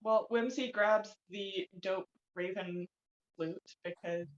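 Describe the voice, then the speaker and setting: A woman in a tabletop game jokes about her character's choices. Her voice comes through a video call with dull, lo-fi audio at a middling pitch. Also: steady tone, takes it slowly. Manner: joking, laughs often. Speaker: player. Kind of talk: casual tabletop play.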